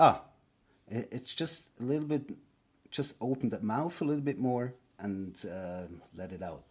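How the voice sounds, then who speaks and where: A man's voice: mid-range voice, darkish tone, slightly rough. A man with a Swiss German accent giving a casual online pronunciation lesson, hesitant and full of fillers and restarts. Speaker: language teacher.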